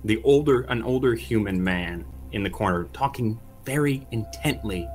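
A man narrating as game master of a tabletop game, relaxed and halting. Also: mid-range voice.

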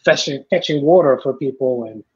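A middle-aged man telling stories in a casual chat, acting out the people he quotes in lively voices. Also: medium pitch, fairly quick, husky. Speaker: podcast guest, filmmaker. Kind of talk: casual storytelling. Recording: dull lo-fi sound.

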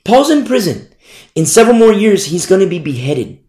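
Animated male preacher in an echoey room. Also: sits high, brisk. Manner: animated, repeats phrases, asks rhetorical questions. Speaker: pastor. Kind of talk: expository Bible teaching sermon.

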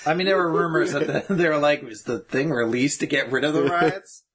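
Male podcast host, higher-pitched and husky, playful and jokey. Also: brisk, fairly bright tone. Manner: laughs often, jokey, throws out hypotheticals. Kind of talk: casual chat.

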